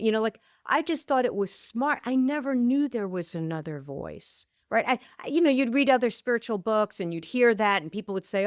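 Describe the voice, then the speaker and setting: Expressive and pitched on the high side, this woman talks fairly quickly with few pauses, her dry recording clean and studio-quality. An author and coach guesting on a podcast interview, she's emphatic, restarts sentences eagerly, and keeps saying yes, yes.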